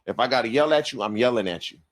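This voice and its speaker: A man's voice: medium pitch, very fast. Blunt, plain-spoken man on a sports panel. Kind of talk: sports talk show debate.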